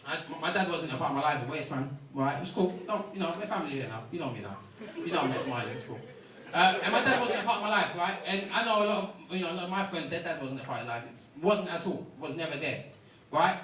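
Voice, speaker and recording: A young man doing a stand-up set, animated and full of slang and swearing. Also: a little high, far from the mic, a little hiss or hum. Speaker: stand-up comedian. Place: comedy club stage with a laughing audience. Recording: roomy club sound, audience roar.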